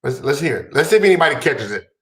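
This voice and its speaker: A man hosting a podcast, talking heatedly and profanely in a casual conversation, rising to shouts. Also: a little high, big pitch swings, very fast, reverberant. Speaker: podcast host.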